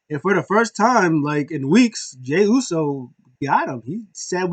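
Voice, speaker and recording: A man casually recapping a wrestling show, animated and acting out the wrestlers' lines in quick impressions. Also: high voice, husky.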